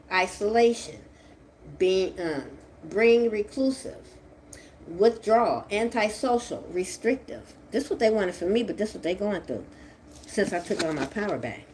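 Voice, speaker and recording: A woman doing a tarot reading, talking in a profane, confrontational way that swings from a low mutter to shouting. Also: slight background noise. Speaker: tarot reader. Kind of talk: angry tarot reading monologue.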